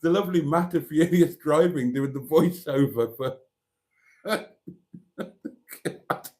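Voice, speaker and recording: A man's voice: fairly high pitch, slow, darkish tone. A middle-aged man hosting a casual livestream, reading out viewer comments and often breaking into laughter. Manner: giggly, keeps breaking into laughter. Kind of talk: casual live chat.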